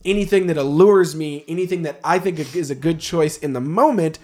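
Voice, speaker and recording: A man's voice: a little high, brisk. Earnest man hosting a faith podcast. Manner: earnest, reflective, jokey. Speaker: podcast co-host. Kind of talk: casual faith podcast chat.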